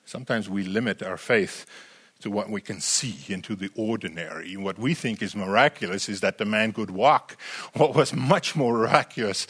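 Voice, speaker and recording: Animated male preacher with a lively, sweeping voice. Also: lowish voice, slightly rough. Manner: animated, asks the congregation rhetorical questions; frequent repeated words and restarts. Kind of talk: sermon.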